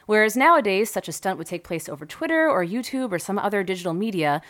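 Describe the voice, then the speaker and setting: A woman hosting a podcast, telling a history story in a lively, wry way with joking asides. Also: medium pitch, fast talker. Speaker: podcast host.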